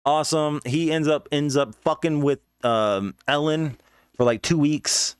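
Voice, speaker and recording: A man's voice: fairly high pitch, unhurried, clean tone, no echo. A young man telling a rambling, profane story in a casual way, full of fillers and asides, recorded close on the mic. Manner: rambling, profane, fillers like "you know what I mean". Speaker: podcast host.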